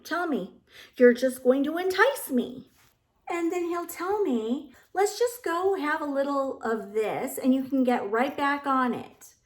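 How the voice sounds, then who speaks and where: Woman vlogger, high and chatty, storytelling; roomy echo. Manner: chatty, acts out quotes of others. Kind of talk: casual storytelling. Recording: echoey room.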